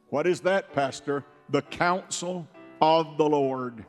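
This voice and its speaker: A male preacher delivering a fervent sermon, repeating phrases and building to shouts. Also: fairly high pitch, slow pace, long reverb tail, soft background music.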